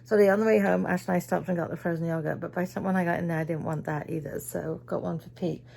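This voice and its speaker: A woman's voice: lowish voice, fairly even intonation, quick pace, gravelly, darkish tone. A tired middle-aged woman from Britain, chatting through her day in a casual vlog and acting out what people said. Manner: chatty storyteller, acts out quoted voices. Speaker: vlogger.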